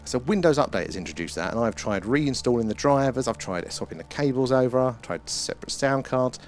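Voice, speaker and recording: A man's voice: medium pitch, expressive, a little fast. A British man hosting a casual live stream, chatting, greeting viewers by name and swearing mildly. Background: faint ambient music.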